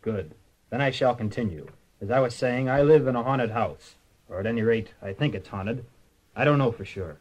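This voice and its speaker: A man's voice: mid-range voice, lively intonation, moderate pace, a little mellow, lo-fi sound, close to an everyday voice. An actor playing a stern, impatient elderly man who wants to hire a detective in a radio comedy. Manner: stiff, impatient, formal. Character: stern elderly male rich client.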